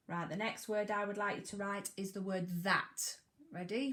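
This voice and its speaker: A woman teaching a recorded phonics lesson to young children, slowly and clearly sounding out letters, counting down and praising. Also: mid-range voice, a bit bright.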